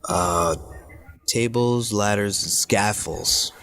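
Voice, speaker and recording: A man's voice: lowish voice, slow pace, a bit bright, dry recording, studio quality. A man from Peru, a guest on a casual podcast, reacting with laughing disbelief. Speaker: guest wrestler.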